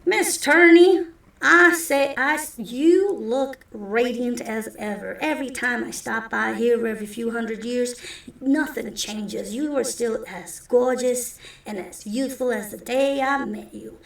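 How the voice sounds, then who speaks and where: A charming space cabbie who flirts and sweet-talks everyone, voiced by a woman. Her tone is easy and slightly gravelly. The room echoes around a mic some way off. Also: on the high side, unhurried. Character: smooth-talking male space taxi driver. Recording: roomy echo, distant mic.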